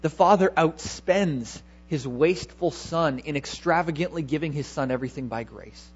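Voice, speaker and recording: Guy preaching a sermon, kinda husky, repeats words for punch, dull lo-fi sound. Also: on the high side, normal speed. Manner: emphatic, repeats key words, rhetorical questions.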